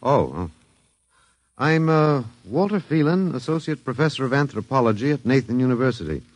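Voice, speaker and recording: An actor playing a bewildered, hesitant professor in an old radio drama, with a wry, halting way of talking. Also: male voice, medium pitch, expressive, no room sound, lightly acted. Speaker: professor captured by aliens.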